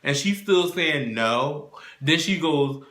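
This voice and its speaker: A man's voice: on the high side, expressive, slow, fairly bright tone. A man hosting a casual TV episode recap, profane and acting out the characters' lines as he retells scenes. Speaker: TV recap show host. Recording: echoey room.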